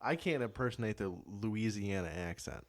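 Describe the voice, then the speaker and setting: A man's voice: lowish voice, lively intonation, moderate pace. A young man co-hosting a podcast in casual chat, swearing freely, laughing often and trying out regional accents. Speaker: podcast co-host.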